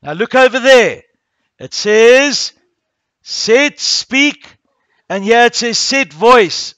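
A man's voice: very high voice, lively intonation, takes it slowly, pushed and bright, no room sound. A man teaching a primary school coding class, talking the pupils through each click step by step.

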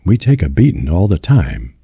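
A man voicing a weary, steadfast farm mother who soothes her son in a gentle rural drawl, in a storybook reading. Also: sits low, very animated, moderate pace, creaky, slightly rough, no echo, studio quality, heavily acted. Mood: soothing.

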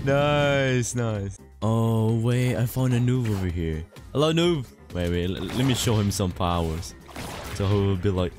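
A young man giving casual commentary over his own gameplay, excitable and laughing, repeating short phrases. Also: fairly low pitch, measured pace, faint music behind. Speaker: gaming youtuber.

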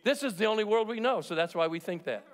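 High-voiced preacher in an echoing church. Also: male voice, expressive, quick pace. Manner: emphatic and jokey, acts out quotes. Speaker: pastor. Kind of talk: sermon. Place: large church sanctuary. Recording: long reverb of a church hall.

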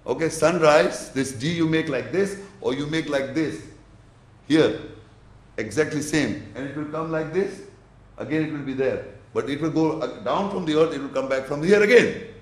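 Man giving a slow, probing religious lecture. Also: a little high, reverberant. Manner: explains slowly with gestures, checks the audience's understanding. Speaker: Islamic lecturer.

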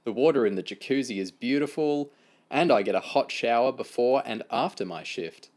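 A man's voice: mid-range voice, expressive, normal speed, a little mellow, natural voice. A man reading aloud and voicing a smug, giggly girl who teases and bosses. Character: smug girl, teasing and bossy.

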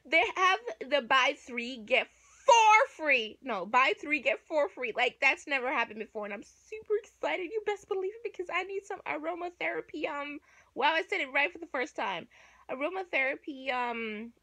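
High-voiced young woman vlogging on a phone. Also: normal speed, no room sound, poor audio. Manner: animated, swears freely, swings from excited to ranting. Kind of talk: casual vlog chat. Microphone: handheld phone camera.

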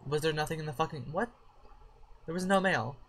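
A woman's voice: low voice, fairly quick. A woman casually commenting on her own life-simulation game, chatty and profane, breaking into sudden shrieks of surprise. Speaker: gaming channel host. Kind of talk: casual let's-play commentary.

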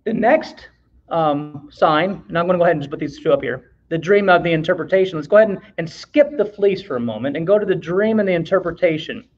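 A man's voice: on the high side, fast talker, highs cut off. A man teaching a church Bible class in a conversational way, reading scripture aloud and putting questions to the class.

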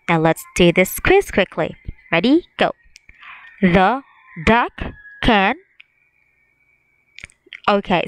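A young woman teacher leading a phonics lesson for young children, slowly drawing out words for them to repeat. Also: medium pitch, low-quality recording. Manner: slow drawn-out call-and-repeat drills.

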